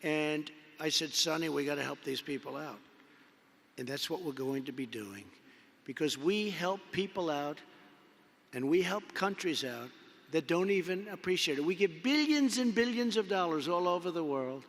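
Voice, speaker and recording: A man delivers a loose political speech from a podium, circling back and repeating phrases with chatty asides. His voice is bright and forceful and sits a little high. The sound rings with the long reverb of a big indoor arena. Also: expressive, normal speed. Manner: rambling, repetitive, conversational asides. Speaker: political speaker at a convention. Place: large indoor convention arena.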